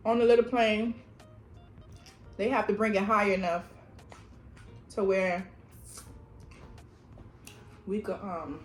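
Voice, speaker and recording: Woman vlogger, slow storytelling, slangy and laughing, echoey room. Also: mid-range voice. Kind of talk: casual storytelling while eating.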